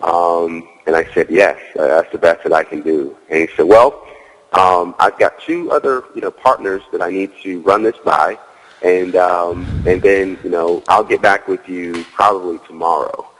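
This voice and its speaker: A man's voice: low-pitched, steady tone, moderate pace, a bit bright, in a large hall, rough recording. A man as a guest in an interview, telling a story casually, leaning on "you know" and acting out his own dialogue. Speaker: guest, real estate wholesaler.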